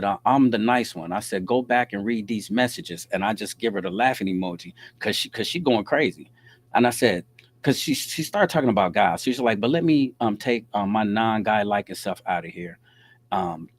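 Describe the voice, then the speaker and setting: A man hosting his own podcast, telling a story in a casual, animated way and reading out text messages. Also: fairly low pitch. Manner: animated, reads out text messages, frequent "you dig what I'm saying". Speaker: podcast host.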